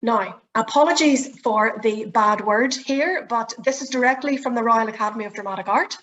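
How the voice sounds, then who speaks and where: A woman's voice: on the high side, normal speed, fairly bright tone, muffled recording. Chatty woman presentation trainer. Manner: encouraging, chatty, polite requests. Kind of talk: workshop teaching.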